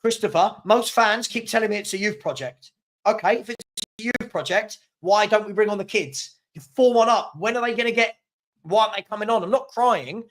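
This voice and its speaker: A man with a notably high speaking voice hosts a live football watchalong. He talks casually and animatedly, reacting to the match and answering viewers' comments with frequent chuckles. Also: a little fast, a bit bright. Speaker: host of a football fan watchalong.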